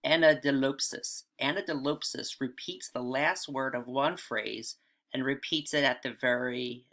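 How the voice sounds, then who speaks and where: A man's voice: mid-range voice, a little slow, fairly bright tone. A man teaching writing in a casual video lesson, often checking in with "all right" and "right?".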